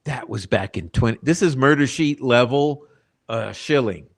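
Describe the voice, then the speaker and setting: Male channel host, mid-pitched voice, swears freely, talks to his viewers in an exasperated rant. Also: normal speed, creaky. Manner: profane, blunt, exasperated; addresses the chat directly. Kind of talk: ranting true-crime commentary.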